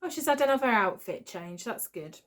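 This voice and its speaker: A woman with a fairly high voice rips into a film she can't stand, sarcastic and openly exasperated. She swears freely and mocks every scene she watches. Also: expressive, normal speed, fairly bright tone, slight background noise. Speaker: reaction video host.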